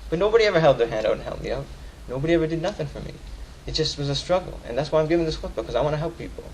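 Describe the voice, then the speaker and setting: A young man giving a Friday sermon in casual slang, repeating lines for emphasis and swinging from loud urging to soft storytelling. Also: fairly high pitch, animated, rapid-fire, slight background noise, low-quality recording. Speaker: khutbah speaker.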